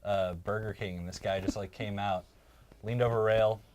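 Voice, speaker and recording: A man's voice: on the low side, steady tone, moderate pace, darkish tone, a little hiss or hum. A man in a band, telling a story in a rambling, hesitant way. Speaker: band member. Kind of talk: casual storytelling.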